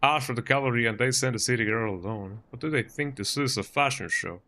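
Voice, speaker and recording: A man voicing a gruff older male scrapyard owner in an attempted Texan drawl, folksy and suspicious. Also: medium pitch, a little fast, bright, forceful tone.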